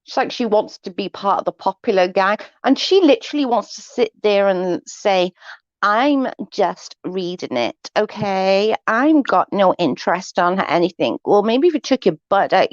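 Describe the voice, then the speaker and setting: A woman talks through a casual livestream, blunt and gossipy with sarcastic asides. Her voice sits at a middling pitch. The sound is dull and dry, as from a simple home mic. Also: dry recording. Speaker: livestream host reading viewer chat. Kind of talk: casual chat.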